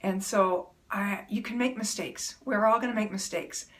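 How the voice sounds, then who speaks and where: A woman's voice: mid-range voice, steady tone, moderate pace. A middle-aged woman speaking earnestly to camera, giving encouraging, plain-spoken self-help advice. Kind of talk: motivational talk to camera.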